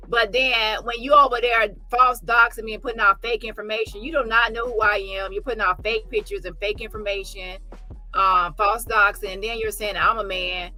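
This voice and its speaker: A woman hosts a reaction commentary with a very bright, forceful voice that sits a little high. She talks bluntly and mockingly, laughing often. Faint music plays underneath. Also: normal speed, no room sound. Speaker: commentary channel host. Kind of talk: reaction commentary on a live stream.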